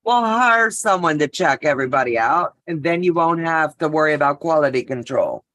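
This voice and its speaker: A woman's voice: deep voice, expressive, moderate pace, a bit bright. Middle-aged woman, host of a live sewing stream; casual, talkative storyteller. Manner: chatty, storytelling, greets viewers by name. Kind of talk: casual chat while sewing.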